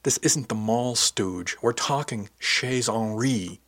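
A man's voice: lowish voice, lightly acted. A man reading as a teasing, bossy young woman officer. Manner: playful, teasing, brisk. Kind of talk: audiobook dialogue reading.

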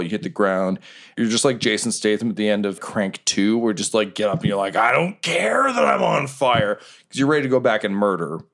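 A man running a tabletop game as game master, narrating the scene vividly and dramatically. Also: fairly low pitch.

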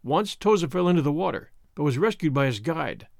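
Storyteller, male, lively intonation, dry close recording. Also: on the high side, brisk, creaky, dry recording. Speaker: narrator. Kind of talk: storybook reading.

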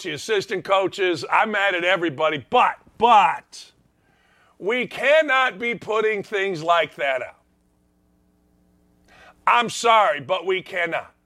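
A man hosting a sports talk show, delivering a fired-up, emphatic rant that keeps repeating its points and bursts into shouts. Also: high-pitched. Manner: emphatic, ranting, repeats himself, swings into shouts. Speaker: sports radio host.

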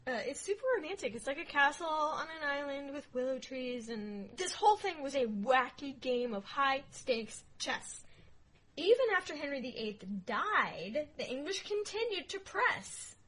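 A woman co-hosting a casual history podcast, telling the story playfully with jokes and loud asides. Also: high-pitched, lively intonation, moderate pace, rough recording. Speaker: podcast co-host.

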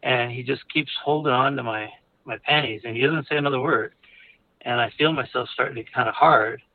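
A man's voice: mid-range voice, fairly quick, slight background noise. A male caller telling a personal story frankly, in a candid, rambling way with chuckles between phrases. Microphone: phone call. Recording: tinny phone line.

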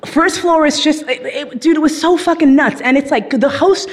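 A woman telling a comic story, swearing freely and laughing as she goes, with lively swings in her voice. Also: high voice, normal speed. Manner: profane, laughing through the telling.

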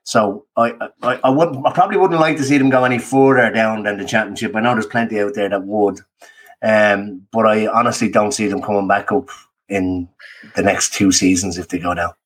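Male co-host, lowish voice, easygoing, hesitant starts. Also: fairly even intonation, brisk, a bit bright, slightly rough. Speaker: podcast co-host. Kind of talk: casual football chat.

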